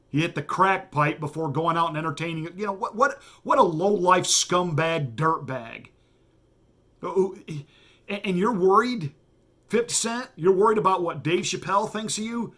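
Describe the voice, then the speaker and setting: A man's voice: on the high side, normal speed, sharp tone. A man, a pastor who hosts his own show, delivering a combative and mocking political commentary monologue with heavy emphasis.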